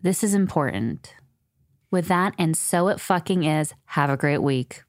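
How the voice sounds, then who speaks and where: A woman's voice: deep voice, measured pace, no room sound. A woman in her twenties hosting a podcast, candid and emphatic, swearing freely in casual talk on a close mic. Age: 20s. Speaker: podcast host.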